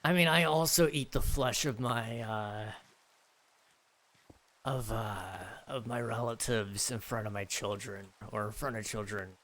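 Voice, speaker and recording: A man's voice: medium pitch, unhurried, fairly bright tone. A man casually chatting with his viewers on a live stream, rambling and joking with lots of fillers. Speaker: streamer reading chat.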